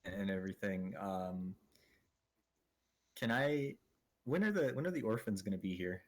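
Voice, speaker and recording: A man's voice: sits low, expressive, unhurried. A man playing a tabletop game, asking short, hesitant questions with fillers. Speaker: player. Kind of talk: casual table talk.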